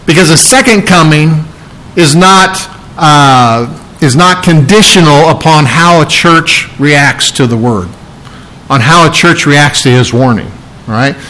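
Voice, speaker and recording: A man's voice: on the high side, a little slow, sharp tone, poor audio. A man preaching an expository sermon, explaining scripture verse by verse in an emphatic way. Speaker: pastor.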